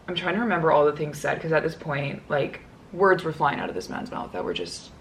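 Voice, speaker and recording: A woman's voice: sits low, sing-song, normal speed, slight background noise. A young woman telling a personal story in a casual vlog, chatty and full of "like". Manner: chatty, heavy use of "like", quotes others in her own voice.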